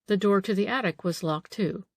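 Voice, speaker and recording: A woman's voice: medium pitch, moderate pace, darkish tone, no echo, close to an everyday voice. A woman voicing a frightened middle-aged female housekeeper in an audiobook, anxious and eager to please. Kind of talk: audiobook character reading.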